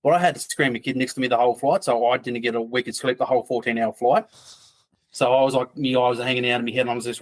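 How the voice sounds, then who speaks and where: A man's voice: medium pitch, fairly even intonation, fast. A man, a podcast guest telling a story in a loose, rambling way. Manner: rambling, loose, full of "like" asides. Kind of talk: casual storytelling.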